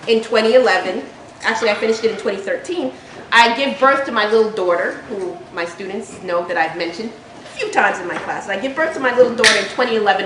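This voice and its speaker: A woman's voice: on the high side, a bit bright, far from the mic. Playful woman introducing a guest speaker. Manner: playful, teasing. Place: college lecture room. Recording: echoey room with faint noise.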